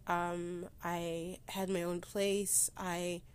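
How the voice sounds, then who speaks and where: A woman speaks on a personal solo podcast while holding back tears. Her pitch stays flat and level. She talks haltingly, breaking off and restarting her sentences. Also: smooth. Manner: halting, with many restarts and pauses. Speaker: podcast host. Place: sitting against a board indoors.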